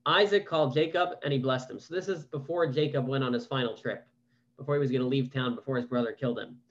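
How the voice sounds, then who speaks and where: Talking fast in a medium-pitched voice, a man runs an online Torah class by video call. He reads verses aloud, then asks questions conversationally, offering casual commentary. The audio sounds dull.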